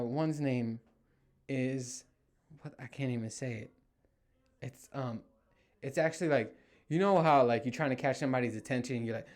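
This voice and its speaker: A man in his thirties hosting a casual solo podcast from a room in his home, telling stories with lots of swearing and acting out what people said. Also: mid-range voice. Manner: animated storytelling, heavy swearing, acts out quotes. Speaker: podcast host.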